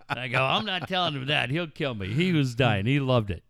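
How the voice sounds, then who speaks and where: A man's voice: mid-range voice, sing-song, brisk, creaky, a bit bright, no room sound, studio quality. A middle-aged man co-hosting a radio show, telling stories in casual banter, swearing freely and laughing as he goes. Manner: storytelling, swearing a lot, laughing.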